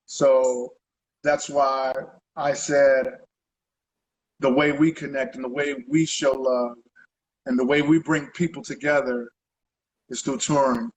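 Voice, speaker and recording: A man's voice: mid-range voice, little pitch movement, unhurried, rough recording. A man being interviewed as a guest artist, talking in a loose, rambling way and tagging his sentences with conversational asides. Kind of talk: casual interview chat.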